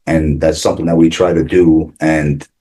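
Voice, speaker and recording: A man's voice: very deep voice, little pitch movement, moderate pace, dark tone. A man who owns a pizzeria, guest on a local business podcast, telling stories casually and chattily, acting out quotes. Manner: chatty, full of "like" and acted-out quotes. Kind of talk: casual storytelling.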